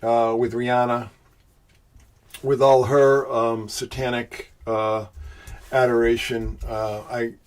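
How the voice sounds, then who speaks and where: This livestream host is a man whose mid-range voice is smooth, flat, and slow. Congested and short of breath, he fills his casual comment-reading chat with hesitations, thanks viewers by name, and makes insinuating asides.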